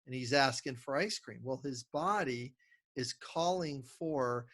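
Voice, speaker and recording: A man's voice: medium pitch, unhurried. A middle-aged man, a podcast guest, explaining ideas in conversation and acting out little dialogues from his stories. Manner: animated storyteller who acts out little dialogues. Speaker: podcast guest, communication consultant.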